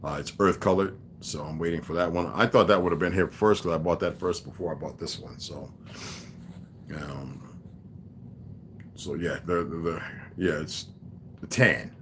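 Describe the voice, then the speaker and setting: A man's voice: deep voice, normal speed, long pauses, fairly bright tone, a little hiss or hum. A man talking casually on a livestream, blunt and preachy, swearing freely, with many fillers. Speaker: livestream vlogger. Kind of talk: casual rambling livestream talk.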